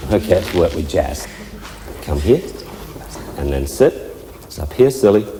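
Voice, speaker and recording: Dog trainer explaining in an echoey hall. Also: male voice, sits low, very animated, measured pace, dark tone, slight background noise. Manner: chatty, explains while working the dogs, puts on dog voices for fun. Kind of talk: live training demonstration. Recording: echoey hall with faint ambience.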